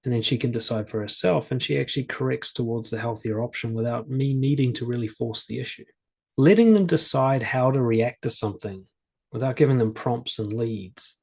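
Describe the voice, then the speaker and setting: A man's voice: mid-range voice, fairly quick, creaky, darkish tone, breathy edge. A man coaching parents on confidence, talking plainly and conversationally and drawing on examples from his own family. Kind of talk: advice talk to camera.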